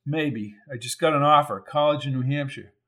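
Man reading steady coach, plain, direct, calm, crime audiobook. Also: mid-range voice, normal speed, natural voice. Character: steady male football coach, calm under fire.

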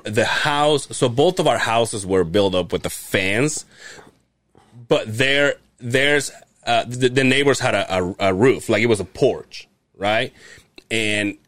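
A man co-hosting a podcast, telling a story in a casual chat, laughing and swearing and jumping up in pitch to act out the people he quotes. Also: no room sound, clean studio sound. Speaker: podcast co-host.

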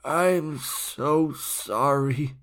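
A man's voice: a little high, a bit bright, voice pushed up, exaggerated voice. A man doing a dying old monk, feeble and brittle. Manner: slow, faint, turns to hoarse cursing.

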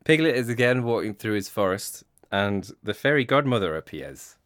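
A man's voice: on the low side, sing-song, normal speed, fairly bright tone, no echo, studio quality. A man co-hosting a casual chat, telling jokes in a playful, self-mocking way and laughing often. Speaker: podcast co-host.

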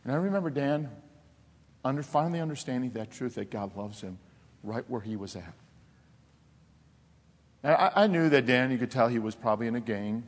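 A man preaching a sermon as pastor, telling animated personal stories, laughing often and dropping to soft, intense tones. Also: medium pitch. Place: church sanctuary. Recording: long reverb of a church hall.

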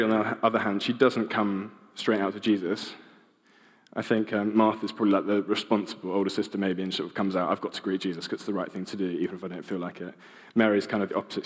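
A man's voice: lowish voice, long reverb tail. Casual, hesitant young man preaching. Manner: casual, hesitant, many ums and restarts. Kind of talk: informal sermon.

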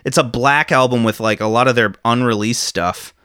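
A man from northern Michigan hosts a laid-back podcast chat. His voice is bright and a little sharp, heard close and dry with no room sound. He talks excitably, laughs often and scatters "like" through his sentences. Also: mid-range voice, moderate pace, clean tone, no room sound. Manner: excitable, laughing, filler-heavy. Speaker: podcast host. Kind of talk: casual chat.

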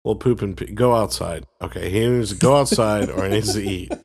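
A man's voice: fairly low pitch, a little fast, creaky, crowd noise. A man co-hosting a casual faith chat, telling a rambling, joking story in a laid-back way. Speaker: podcast co-host.

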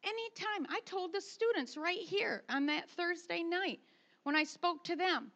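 Woman, middle-aged, sermon, emphatic, swings soft to loud, very high voice. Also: a little slow. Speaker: preacher.

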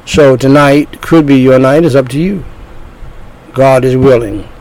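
A man preaching an evangelistic sermon, slow and deliberate, drawing out his phrases. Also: mid-range voice, darkish tone, rough recording.

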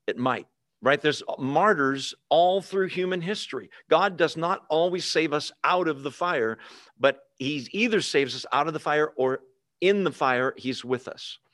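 A pastor preaches a sermon in a conversational teaching style, frequently questioning the congregation in call and response. His voice is on the high side and fairly bright, recorded dry with clean studio sound.

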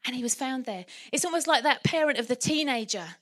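A woman preaching a sermon in church, lively and humorous. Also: high voice, brisk. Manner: lively, humorous and animated, often laughing.

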